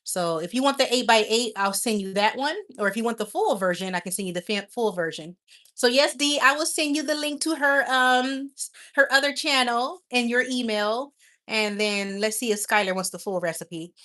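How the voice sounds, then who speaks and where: A woman's voice: fairly high pitch, normal speed, bright, forceful tone. A woman hosting a casual livestream, chatting affectionately with viewers and laughing often. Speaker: livestream host.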